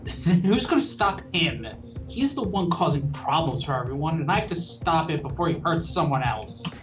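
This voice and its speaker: Man voicing an earnest young man, gentle pleading, lively pitch, music underneath. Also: normal speed, far from the mic, natural voice, low-quality recording.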